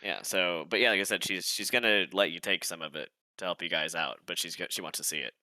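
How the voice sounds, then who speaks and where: A man running a tabletop game as game master, in a relaxed, rambling way. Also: sits low, fast, no room sound, poor audio.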